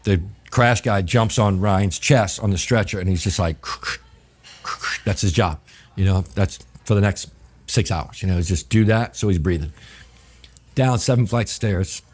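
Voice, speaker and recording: A middle-aged guest chef from New Orleans, USA, spins a story during a relaxed interview. His voice is very low and husky, his pace a little slow, and he talks vividly and profanely while acting out the dialogue.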